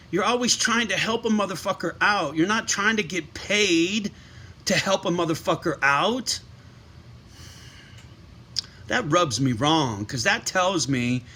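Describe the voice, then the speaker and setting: A man's voice: high voice, bright, forceful tone, a little hiss or hum. A man vlogging to his followers, ranting with heavy profanity and emphatic, heated delivery. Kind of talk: casual rant to camera.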